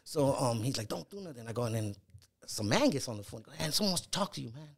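A middle-aged man tells a long story about his early music days, swearing freely and acting out the voices on old phone calls. His voice sits at an ordinary pitch, neither high nor low. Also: big pitch swings, fast, breathy edge. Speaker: rapper guest. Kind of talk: casual storytelling chat.

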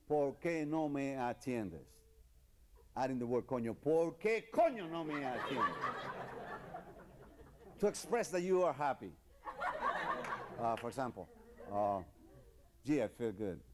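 A man doing stand-up as a mock language lesson, with deadpan teacherly drills and slow, exaggerated pronunciation. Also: mid-range voice. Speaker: comedian. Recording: noisy live comedy recording.

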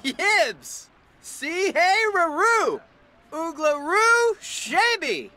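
A woman's voice: very high voice, sing-song, drawn-out words, pushed and bright, dry recording, full character voice. A woman voicing a cheerful video game character who gives a speech in playful invented gibberish. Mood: chirpy. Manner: speaks playful invented gibberish, often laughing.

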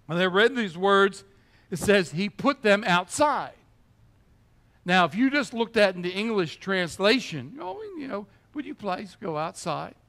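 A man's voice: sits high, a bit bright. A man preaching a sermon in a church as pastor, emphatic and often checking in with his listeners.

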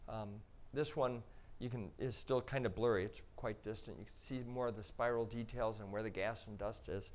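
A man explaining slides in a relaxed, conversational way. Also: fairly low pitch, normal speed. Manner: conversational, explaining step by step with frequent "um" and "you know". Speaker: astronaut giving a public talk. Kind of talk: slide presentation to an audience.

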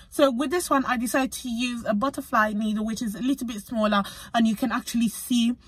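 A young British woman, a physician associate student, telling a story in a chatty, animated vlog. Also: a little high, fast, few pauses, slightly rough, no room sound. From United Kingdom. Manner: chatty and animated, acts out conversations.

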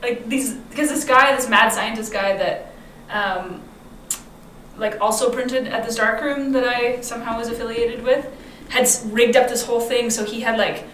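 A woman's voice: a little high, steady tone, normal speed, fairly bright tone, slight background noise. A woman guest chatting casually in an interview, laughing often and filling her talk with "like". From grew up mostly in the United States. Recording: echoey room, mic from far off.

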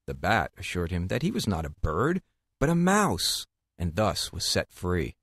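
A man narrating fables for an audiobook in a measured, expressive reading. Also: low voice, slightly rough, dry recording, studio quality. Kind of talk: scripted storybook narration.

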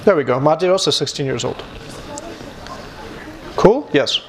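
A man teaching a university computer science class, talking lively and joking with his students. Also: fairly high pitch, unhurried, a crowd in the background. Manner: lively, switches between English and Armenian, jokes with students. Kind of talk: live classroom lecture. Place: university lecture hall. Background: students in the room.

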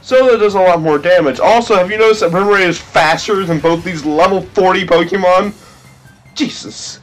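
A man hosting a game let's play, with goofy, excitable commentary full of silly sound effects. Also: high-pitched, normal speed, faint music behind.

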